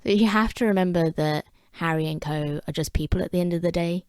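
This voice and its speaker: A woman's voice: on the low side, fairly quick, a little mellow, clear, resonant tone, dry recording. A woman with an English accent talking to camera in a wry, chatty vlog with self-deprecating asides. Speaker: vlogger. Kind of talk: casual talking-head commentary.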